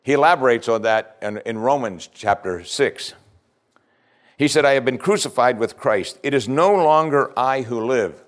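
Man preaching a conversational sermon. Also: medium pitch. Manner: conversational preaching, paraphrasing scripture in plain speech. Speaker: pastor.

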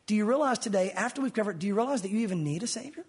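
A man preaching a sermon in an animated way, acting out biblical dialogue in different voices. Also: high voice, rapid-fire, breathy edge. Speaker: pastor.

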